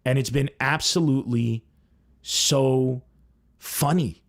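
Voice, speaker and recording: A man's voice: medium pitch, slow. A man hosting a comedy podcast, talking casually and acting out the lines he quotes. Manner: animated, acts out quoted lines.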